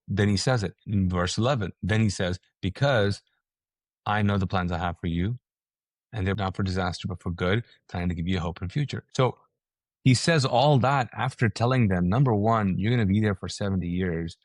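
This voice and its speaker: A man's voice: normal speed, no room sound. A man, a pastor and author, talking as a guest in a casual, preaching way and acting out quoted reactions. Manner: energetic, acts out quoted reactions with rising pitch. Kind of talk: animated conversational preaching.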